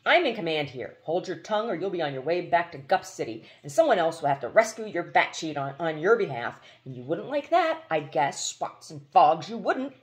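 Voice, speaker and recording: A woman's voice: fairly low pitch, very animated, fairly quick, few pauses. Woman reading as a blustering old-school army general. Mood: exasperated. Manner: bluff, barking exclamations. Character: blustering hearty middle-aged army general.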